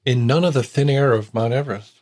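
A man co-hosting a casual conversation. He drops dry, joking asides and brief comments. His voice sits at an ordinary pitch. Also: quick pace, a little mellow. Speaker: podcast co-host. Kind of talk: casual chat.

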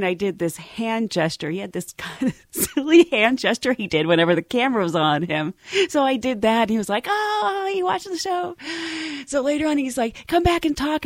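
A woman casually telling an anecdote, animated and laughing often as she acts out what people said. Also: medium pitch, no room sound, clean studio sound. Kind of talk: casual storytelling.

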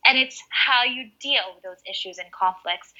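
A woman's voice: fairly high pitch, normal speed, bright, forceful tone, highs cut off. A woman guest talking earnestly and emotionally over a video call, swearing casually. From United States. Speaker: guest business coach. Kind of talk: casual interview chat.

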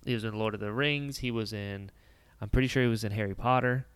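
Relaxed male podcast co-host. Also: fairly low pitch, fast, smooth, no echo, studio quality. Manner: relaxed, conversational storyteller. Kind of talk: casual chat.

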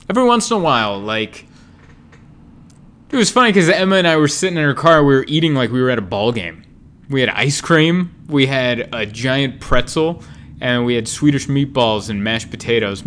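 A man talks on his podcast in a loose, unscripted monologue. He wanders from one tangent to the next, with dry asides and jokes at his own expense, in a voice of middle pitch. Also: a bit bright. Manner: digressive, wry, self-deprecating. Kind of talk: casual rambling monologue.

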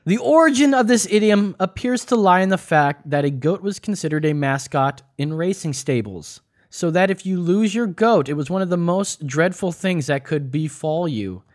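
A man with a high, animated voice hosts a quiz game among friends in a casual podcast chat. Speaking at a normal speed, he jokes and swears while explaining the answers at length.

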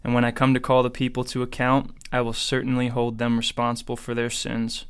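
The Lord as a stern, almighty God, read by a man. The voice is very smooth and resonant, and its pitch barely moves. It speaks in even, measured words from a scripture reading. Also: natural voice.

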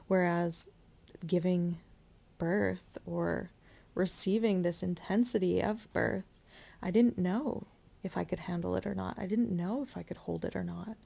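A young woman hosting a podcast, candidly telling a personal story with whispered asides and soft laughs. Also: fairly low pitch, vocal fry. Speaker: podcast host sharing her birth story.

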